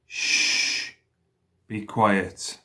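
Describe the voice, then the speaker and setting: Man playing calm gentle grown man, low voice, slow soothing words.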